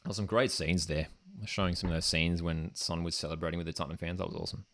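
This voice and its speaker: Brief: man, football watchalong host, low voice, casual and keen. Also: level tone, fast talker, fairly bright tone, dry recording. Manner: casual and enthusiastic, often says "man". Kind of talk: live match watchalong commentary. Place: home streaming desk setup.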